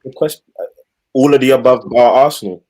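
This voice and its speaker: A man's voice: mid-range voice, fast talker, warm tone. A man on a football debate panel, talking casually and asking the others questions. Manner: casual, asks questions back.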